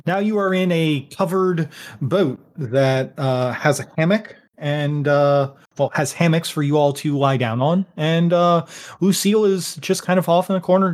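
Laid-back game master narrating. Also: male voice, a little high. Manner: rambling, casual, many fillers.

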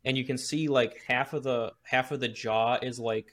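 A man's voice: medium pitch, fairly even intonation, normal speed, a bit bright. Man running a tabletop game. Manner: explains rules with frequent restarts. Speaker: game master.

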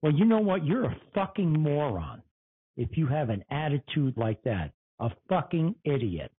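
A man's voice: a little high, very animated, normal speed, breathy edge. A man hosting his own talk show, ranting furiously and profanely, repeating phrases for emphasis. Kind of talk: angry political rant. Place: Connecticut. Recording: tinny phone-like sound.

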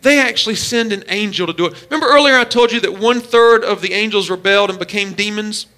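A pastor delivering a sermon in a very high, bright and forceful voice. He talks in emphatic bursts, stretching key words and laying out numbered points for his listeners. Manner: emphatic preaching with numbered points and drawn-out stresses.

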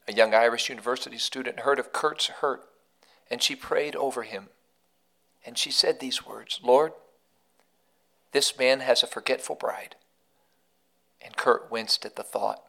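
A man's voice: mid-range voice, a bit bright. A man hosting a devotional podcast, telling a story in an earnest, emphatic way that leans on repetition. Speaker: podcast host and devotional speaker.

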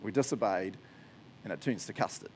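A man's voice: lowish voice, fairly quick, a little hiss or hum. A man giving a casual, joking sermon, often laughing as he talks. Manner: chatty, jokey, laughs often. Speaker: preacher.

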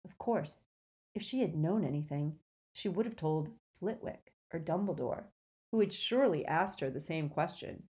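Female audiobook narrator, steady and mellow, a little low. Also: moderate pace. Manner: steady storytelling delivery.

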